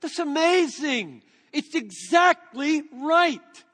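A man preaching a sermon, earnest and reverent, reading scripture slowly with emphasis. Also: very high-pitched, big pitch swings, fairly bright tone, long reverb tail. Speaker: pastor.

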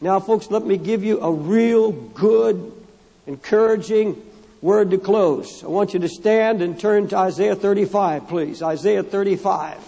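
Male pastor, sermon delivery, husky and urgent, repeats lines for emphasis, church hall echo. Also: sits high, unhurried, warm tone. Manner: fervent preaching, repeating phrases for emphasis; reads scripture aloud and addresses the congregation directly. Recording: long hall reverb in a church.

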